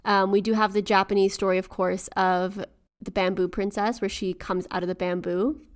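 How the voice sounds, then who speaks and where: A woman co-hosting a podcast, talking in an easy, chatty way. She retells folk tales and drops in lively quoted asides, her voice sitting in an ordinary middle pitch. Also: moderate pace. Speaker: podcast co-host. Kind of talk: casual storytelling chat.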